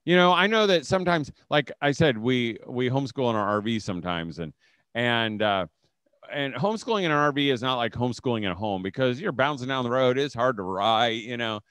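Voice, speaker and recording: Middle-aged man, conference talk, storytelling, animated pitch, dry close sound. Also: a little fast, clear, resonant tone, no room sound. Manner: conversational storytelling, acts out quotes. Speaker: speaker at a homeschool leaders' event.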